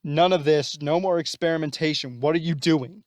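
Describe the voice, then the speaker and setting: Man casually quoting a bitter electric villain, clear and fairly high. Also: normal speed, darkish tone, dry recording, close to an everyday voice. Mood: angry. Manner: casual, barely acted quoting.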